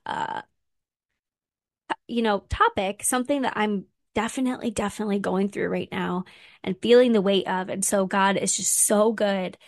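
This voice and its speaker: A woman's voice: medium pitch, moderate pace, dry recording. A woman hosting a faith podcast, a mom talking in an earnest, heartfelt way, close to the mic. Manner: earnest and heartfelt, getting emotional. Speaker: podcast host. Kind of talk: casual faith podcast talk.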